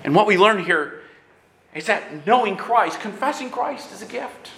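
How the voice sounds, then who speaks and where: A man preaching a sermon in an animated way, sometimes raising his voice and acting out quick bits of dialogue. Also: high voice, creaky, roomy sound. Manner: animated preaching with bursts of shouting; acts out dialogue in quick asides. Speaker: pastor.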